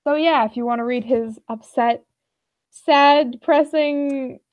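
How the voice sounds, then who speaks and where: A woman's voice: sits high, a little slow, dull audio. Gushing young-sounding woman on a call. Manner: gushing, effusive, giggly. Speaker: casting director. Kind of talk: casual chat. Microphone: video call.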